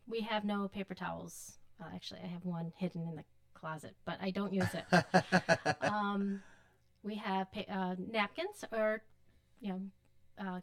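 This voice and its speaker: A woman speaking as a podcast guest in casual chat, telling practical stories in a chatty way. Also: mid-range voice.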